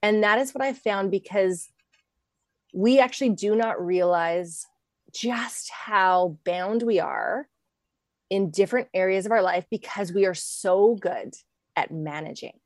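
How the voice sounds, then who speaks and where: A woman hosting a faith podcast, recorded close and dry with no room sound. She talks in an affirming, chatty way, mid-pitched, often pausing on an "um" before she goes on. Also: dry recording. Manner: affirming, chatty, with frequent ums. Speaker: podcast host. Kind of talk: conversational podcast talk.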